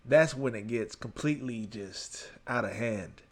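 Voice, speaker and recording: A man's voice: mid-range voice, a little slow. A man with a Texan accent hosting a reaction video, talking casually to his viewers. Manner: laid-back, talks to viewers as "y'all" and "man".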